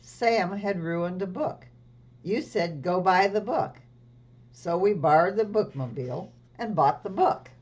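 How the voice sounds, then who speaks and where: A woman's voice: on the low side, measured pace, a little mellow, lo-fi sound. Woman reading as Amelia Bedelia, cheerful. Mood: earnest. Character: cheerful literal-minded housekeeper woman.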